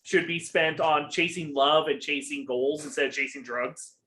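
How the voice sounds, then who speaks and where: Young male podcast co-host, slightly high, rambling, profane, filler-heavy. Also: steady tone, normal speed, bright, forceful tone, a little hiss or hum, poor audio. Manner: rambling, profane, with many ums. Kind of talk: casual chat.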